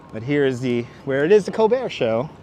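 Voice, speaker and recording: A man from Brooklyn with a medium-pitched, dark-toned voice narrates a casual live walking tour through busy outdoor streets. Chatty and wandering, he jokes around and answers viewers' chat questions aloud. He uses a wireless clip-on mic and a phone on a gimbal, and the sound has a little hiss or hum.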